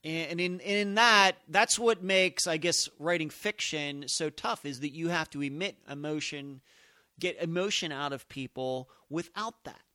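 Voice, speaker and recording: Bright, dry-voiced man musing aloud. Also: on the high side, unhurried, dry recording. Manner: thinking aloud, musing and emphatic. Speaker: podcast host. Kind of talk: solo podcast commentary.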